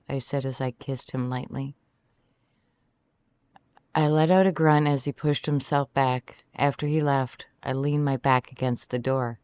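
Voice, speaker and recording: An audiobook narrator reading a romance novel in the first person, animated and shifting pitch often from line to line. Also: measured pace. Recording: slightly dull, dry recording.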